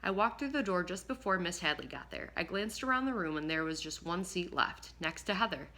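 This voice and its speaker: A woman narrating a first-person audiobook in a lively, expressive way, now and then slipping and rereading a line. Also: lowish voice, a little fast. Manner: lively, expressive reading with occasional slips and rereads.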